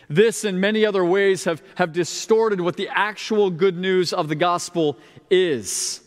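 High-voiced pastor preaching in a reverberant hall. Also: male voice, unhurried. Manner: conversational, lightly humorous preaching. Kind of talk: sermon. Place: church sanctuary. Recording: long reverb of a large hall.

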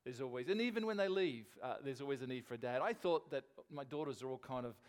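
A man's voice: mid-range voice, animated, quick pace. An older man, a grandfather, acting as pastor and opening his sermon in a jovial, conversational way.

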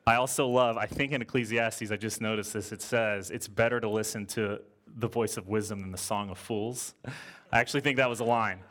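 A man preaching a sermon in a lively, conversational way, joking with the congregation and slowing down to stress scripture quotes. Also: fairly low pitch. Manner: lively, conversational preaching with casual slang and jokes; slows and stresses when quoting scripture. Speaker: pastor.

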